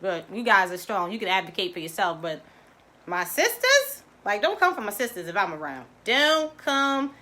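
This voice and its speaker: A middle-aged woman from Baltimore, a mindfulness coach giving an animated motivational talk to her viewers, laughing often and swooping in pitch. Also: normal speed. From Baltimore, United States.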